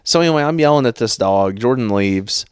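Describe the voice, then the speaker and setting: A young man co-hosting a casual podcast, telling stories in an animated, profane way. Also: medium pitch, brisk, smooth, dry recording, studio quality. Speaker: podcast co-host. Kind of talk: casual chat.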